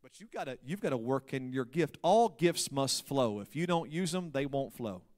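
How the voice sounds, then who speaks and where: A pastor preaching a sermon, swinging between loud emphasis and hushed asides. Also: male voice, medium pitch, animated, moderate pace.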